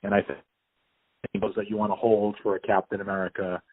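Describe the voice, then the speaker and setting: A man's voice: fairly low pitch, little pitch movement, brisk, no echo. A man hosting a podcast, chatting casually and enthusiastically over the phone, rambling with restarts. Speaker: podcast host. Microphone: phone call. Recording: tinny phone line.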